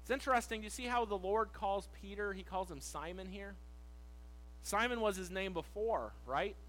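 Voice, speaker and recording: Animated preaching man, raised voice. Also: high voice, a little hiss or hum, low-quality recording. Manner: animated preaching, leaning on key words and slowing on scripture. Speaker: pastor. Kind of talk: sermon.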